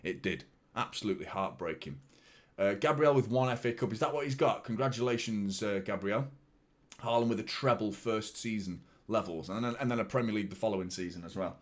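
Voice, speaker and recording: A man's voice: on the low side, brisk. A young man hosting a live football watchalong, rambling and swearing as he reacts to the match and chats to viewers. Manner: swearing, excitable, rambling with repeated words.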